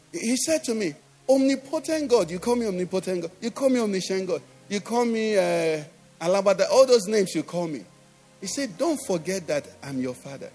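This middle-aged pastor, who has a Nigerian English accent and a very high voice, preaches forcefully in church. Again and again he asks his congregation if they follow what he's saying.

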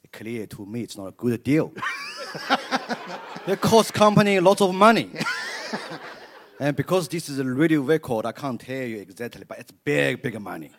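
A man from China with a Chinese accent, telling his story on stage in halting English and laughing often. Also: medium pitch, very animated. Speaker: church guest. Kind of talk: on-stage testimony interview.

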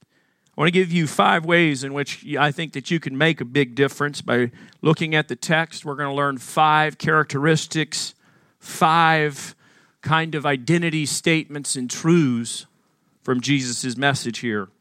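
A man's voice: a little high, fairly even intonation, a little slow, sharp tone, no room sound, studio quality. A man from Arkansas preaching a sermon as pastor, earnest and emphatic, asking the congregation questions.

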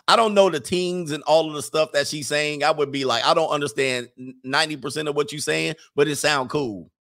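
A man in his forties hosting a casual commentary stream, joking and animated, often trailing off while searching for a word. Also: fairly high pitch, normal speed, gravelly. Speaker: host reacting to clips and super chats.

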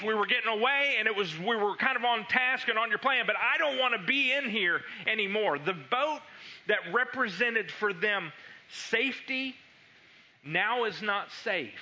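Animated high-voiced man preaching a sermon. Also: highs cut off. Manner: animated storytelling, acting out the disciples' voices.

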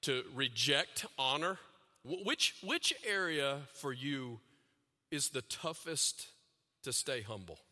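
A man preaching a sermon, talking to the audience with questions and repeated phrases, and growing louder and higher when he gets animated. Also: takes it slowly, in a large hall. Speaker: pastor.

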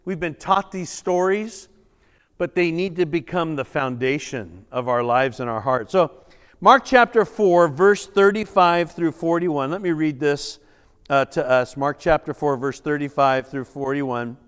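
Man, pastor, sermon, smooth resonant voice, long church reverb. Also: a little high, unhurried. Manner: dramatic scripture reading, animated asides to the congregation. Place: church sanctuary.

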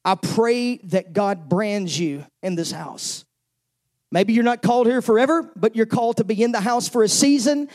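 A man's voice: high voice, darkish tone. A man preaching a sermon as pastor, openly emotional, often stumbling over and repeating words as he presses his point.

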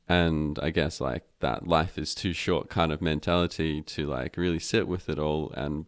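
Very deep-voiced man. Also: clear, resonant tone, dry recording. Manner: rambling, with many fillers and restarts. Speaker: podcast guest. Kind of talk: casual conversation. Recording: dry close-miked sound.

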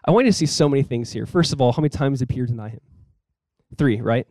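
A male pastor preaching a sermon in a conversational, earnest way, with casual fillers. He often drops quiet and low on key points. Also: expressive, fast, dry recording, rough recording.

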